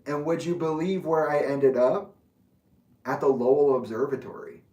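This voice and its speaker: A man's voice: on the high side, moderate pace, a little mellow. Guy telling a story, swears a lot, laughs, roomy distant sound. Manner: rambling, profane, laughs often. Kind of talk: casual personal storytelling. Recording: echoey room, mic far off.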